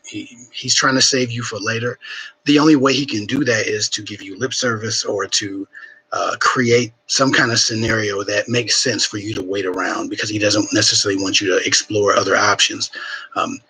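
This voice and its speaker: A man hosting a live Q&A, giving frank dating advice in casual chat, swearing freely and filling pauses with ums, sniffling a bit, streaming from home. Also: lowish voice, steady tone, bright, forceful tone, slightly rough, rough recording. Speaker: relationship advice livestream host.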